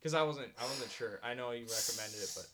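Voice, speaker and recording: A man's voice: medium pitch, fast talker, background noise. A man co-hosting a podcast, chatting casually and rambling with many fillers and frequent laughs. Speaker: podcast co-host. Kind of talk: casual chat.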